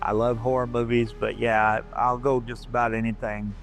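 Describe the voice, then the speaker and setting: A man speaking as an interview guest, halting and plain-spoken, calling in remotely from his home in the hills. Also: mid-range voice, level tone, fairly bright tone, faint music behind. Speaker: guest, wrestler and stand-up comic. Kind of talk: casual interview chat.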